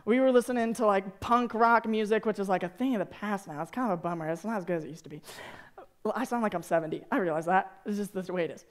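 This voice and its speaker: A young man in his twenties from Arkansas, giving a joking, animated talk to students as a youth speaker. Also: high voice, fast talker. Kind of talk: sermon to students.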